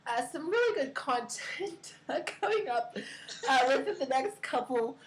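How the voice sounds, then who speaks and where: A woman's voice: high-pitched, animated, measured pace, rough recording. A woman hosting a casual crypto livestream, chatty and giggly, rambling with lots of fillers. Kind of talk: casual chat.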